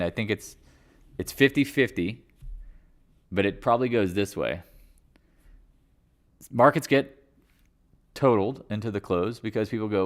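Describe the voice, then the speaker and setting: A man hosting a live market stream in a rambling, joking, offhand way, with the odd swear. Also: fairly low pitch. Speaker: stock market livestream host. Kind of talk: casual live market chat.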